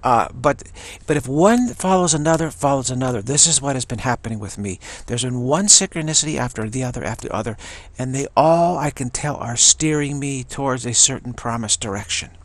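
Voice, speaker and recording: A man giving a casual personal testimony, halting often and repeating words as he goes. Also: medium pitch, no echo.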